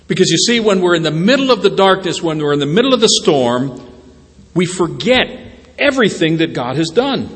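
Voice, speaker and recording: A male pastor preaching a sermon in a church, swinging between slow, quiet emphasis and bursts of animated storytelling as he acts out voices. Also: fairly high pitch. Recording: long hall reverb.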